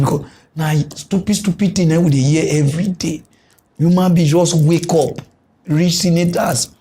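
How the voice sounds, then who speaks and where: A young man with a Nigerian Pidgin accent hosting a comic mock news show, ranting with frequent chuckles. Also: high voice. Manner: animated ranting, chuckles often.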